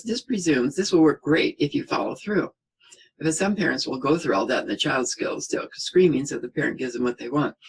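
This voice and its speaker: A middle-aged man teaching parenting speaks calmly and reassuringly, often asking "okay?" and acting out what a parent might say. His voice is fairly high, slightly rough, with vocal fry, on a low-quality recording.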